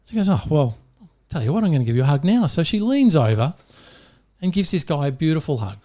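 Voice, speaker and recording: A man's voice: on the high side, fast. Australian man, podcast co-host, chatty joke-teller, laughs easily, bouncy intonation. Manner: animated storyteller who laughs mid-joke. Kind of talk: casual joke-telling chat.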